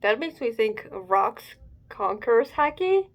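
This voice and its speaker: A woman's voice: on the high side, very animated, takes it slowly. A young adult woman giving casual reaction commentary, thinking aloud hesitantly with fillers as she hosts her own video. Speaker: manga reaction host.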